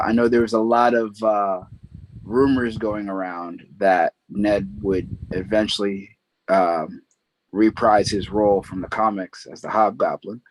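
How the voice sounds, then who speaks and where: Young male co-host, laid-back filler-heavy chat, low and unhurried, slight background hiss. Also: poor audio. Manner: loose, filler-heavy talk. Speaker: podcast co-host. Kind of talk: casual chat.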